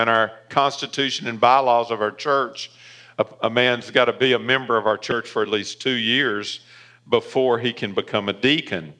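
A man with a Southern accent preaching a sermon as pastor, emphatic and rising in pitch on key points, in a church. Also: sharp tone.

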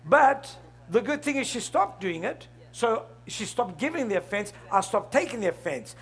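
A man's voice: extremely high pitch, big pitch swings, moderate pace, fairly bright tone. A middle-aged man preaching a sermon, asking the congregation questions and laughing along with them. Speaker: pastor.

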